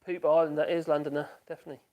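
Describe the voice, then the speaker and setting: A man's voice: a little high, flat delivery, racing, highs cut off. Man, live-stream host, rambling casual chat, laughs often, reacting to comments. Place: home workshop.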